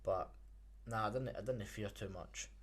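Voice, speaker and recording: A young man with a fairly low voice chats on a podcast. He is blunt and laconic, dropping swear words casually. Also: moderate pace. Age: 20s. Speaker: podcast co-host. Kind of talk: casual chat.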